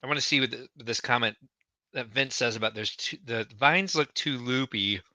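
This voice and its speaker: A man's voice: medium pitch, normal speed, sharp tone, dry recording. A man co-hosting a livestream, chatty and enthusiastic, reading out viewer comments. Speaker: podcast co-host. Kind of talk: casual livestream chat.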